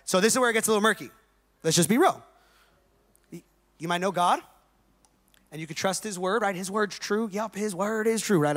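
A man's voice: sits high, lively intonation, moderate pace, pauses often, fairly bright tone. A male pastor preaching a conversational, joking sermon in slangy everyday talk to a live congregation. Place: church service with a live congregation.

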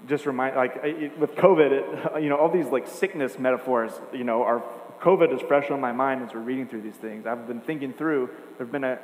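Man, pastor, sermon, emphatic, repetitive build-ups, roomy reverb, faint hum. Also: mid-range voice. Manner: earnest, emphatic preaching with repeated phrases. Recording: echoey hall, faint hum.

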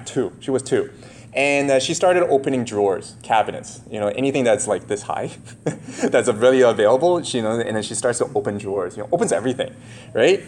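A man's voice: medium pitch, darkish tone, slight background noise. A man in his thirties preaching a sermon in a conversational, rambling way, full of fillers and asides to the congregation. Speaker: pastor.

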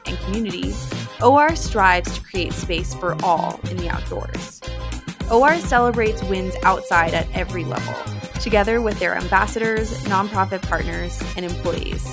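Woman reading a polished podcast intro. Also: medium pitch. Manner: smooth, even, polished read. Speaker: podcast host and ad reader. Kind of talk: scripted narration.

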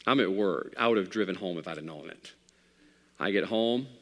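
A man preaching a sermon as pastor, swinging from hushed, quiet passages to loud, fervent outbursts. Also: sits low, brisk. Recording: long hall reverb.

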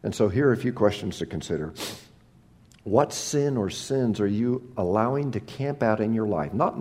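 Animated preaching man, lively pitch. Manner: animated preaching, swinging between hushed and loud, mocking prayers. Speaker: pastor. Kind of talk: sermon.

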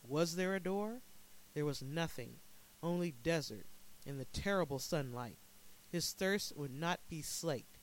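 A man narrating a dark short story in a measured, dramatic way. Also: on the high side, animated, rough recording.

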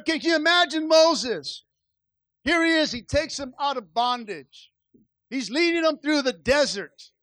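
Male pastor, sermon, very high voice, dry close sound, dramatic storytelling, call-and-response. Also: pushed and bright, no room sound. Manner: dramatic storytelling, acting out biblical characters.

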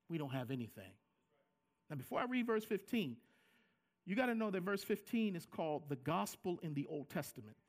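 A man preaching a sermon as a pastor, in an animated style that acts out quoted lines and repeats words for emphasis. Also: a little high.

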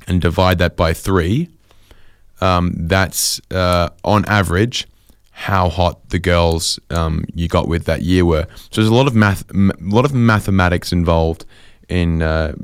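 A young man with a deep, smooth, resonant voice tells a rambling comic story. He keeps correcting himself and goes off on animated tangents. The sound is close and dry, with no room around it. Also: no room sound.

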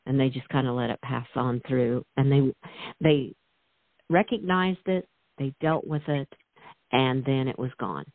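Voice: medium pitch, measured pace. A host affirming and echoing a guest's points in a casual, conversational way. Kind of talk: casual chat. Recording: tinny phone-line audio, dry.

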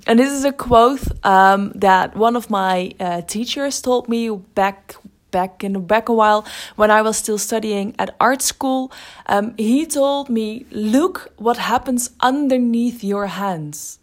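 A woman's voice: a little high, a little slow. Woman podcaster musing with restarts. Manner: thoughtful, with frequent restarts and fillers. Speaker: podcast host and creativity teacher. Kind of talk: casual spoken monologue.

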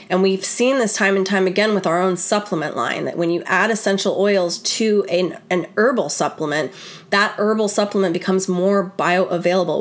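A middle-aged woman hosting a podcast, talking in a chatty, animated way and often turning to her listeners. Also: mid-range voice. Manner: chatty, animated, many "like" and "you guys". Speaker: podcast host. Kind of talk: casual chat.

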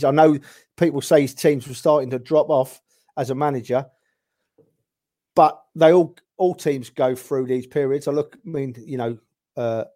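A man's voice: medium pitch, dark tone. A man in casual chat, reminiscing about favourite players, rambling with chuckles and restarts. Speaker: podcast guest, football fan.

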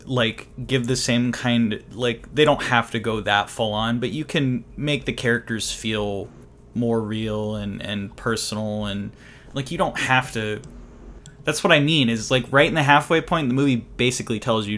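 A man's voice: mid-range voice, normal speed, fairly bright tone. A man co-hosting a casual movie discussion, rambling with many fillers and restarts. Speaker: podcast co-host.

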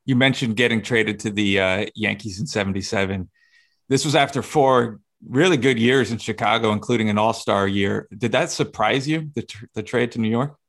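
A man's voice: fairly low pitch, normal speed, a bit bright. A man interviewing a guest, asking questions in a loose conversational way.

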